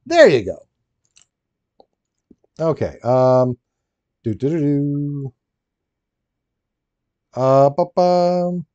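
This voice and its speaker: A man's voice: medium pitch, warm tone, no room sound, dull audio. A man streaming live while building a Lego set, chatting casually and rambling, laughing often and answering his chat.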